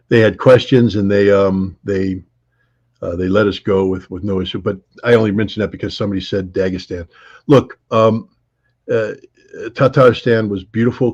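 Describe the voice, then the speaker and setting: A man telling travel anecdotes in an interview, rambling with many fillers, restarts and laughs, his voice husky. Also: sits low, a little mellow. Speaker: interview guest. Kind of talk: conversational storytelling. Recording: dull lo-fi audio.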